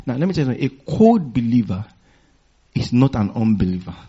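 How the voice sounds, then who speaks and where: A pastor with a mellow, mid-range voice and a breathy edge preaches fast and very animatedly, calling on the congregation to finish his lines and laughing softly as he tells stories. The recording sounds dull and lo-fi.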